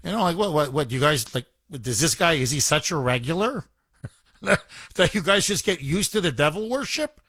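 Male call-in show host, animated ranter, tenor-ish, dry studio. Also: a little high, normal speed, slightly rough, no echo. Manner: indignant, animated, repeats himself. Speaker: radio talk show host. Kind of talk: call-in radio talk.

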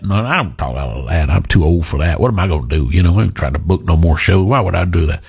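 A man holds forth on talk radio, rambling through a self-deprecating story. His voice sits low and a little husky. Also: lively intonation, quick pace, hardly any pauses. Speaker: radio talk show host. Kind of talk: casual talk radio monologue.

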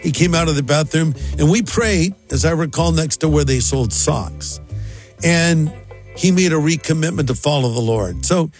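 A man's voice: fairly high pitch, normal speed. A male pastor telling a story and acting out both sides of a conversation, with faint music underneath. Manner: animated, acts out both sides of dialogue. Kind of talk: storytelling talk.

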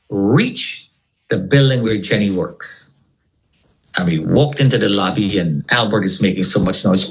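A man with a fairly low voice tells a personal story to an interviewer. His pitch swings widely as he tells it. He acts out each person's voice in turn, with plenty of energy. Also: expressive, moderate pace, poor audio. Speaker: interview guest.

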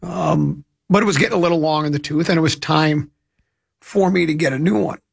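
A man's voice: fairly high pitch, a little fast, vocal fry, slightly rough. A man hosting a radio talk show, telling rambling, chatty anecdotes into a studio microphone. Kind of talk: casual radio storytelling.

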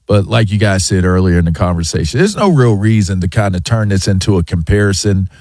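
Male co-host, lower voice, opinionated and emphatic, dry studio sound. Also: lively intonation, brisk, a little mellow, no room sound. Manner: emphatic, opinionated, talks in long run-on thoughts. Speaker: sports talk show co-host. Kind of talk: casual sports radio chat.

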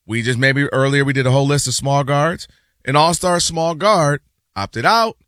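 A man's voice: a little high, moderate pace, a bit bright, dry recording, clean studio sound. A man hosting a sports talk show, chatting casually and playfully, acting out quotes. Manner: playful, acts out quotes, laughs easily. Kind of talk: casual sports radio chat.

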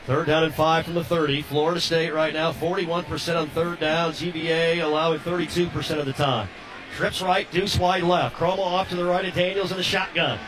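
A man calling live college football play-by-play, quick and rising to shouts on big plays. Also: fairly high pitch, level tone, over music. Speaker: play-by-play announcer.

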